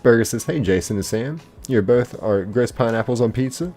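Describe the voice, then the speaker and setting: A man's voice: medium pitch, animated, moderate pace. A young man hosting a live game stream, chatting casually and reading out viewer comments. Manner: laid-back, chatty, greets viewers warmly by name. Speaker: livestream host.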